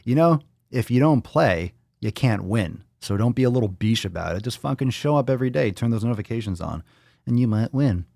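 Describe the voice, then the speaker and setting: A man's voice: medium pitch, expressive, fairly quick, creaky, mellow, dry recording, clean studio sound. A man hosting a live fitness stream, chatting casually with viewers in a profane, teasing, joking way. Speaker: livestream fitness show host. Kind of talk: casual livestream chat.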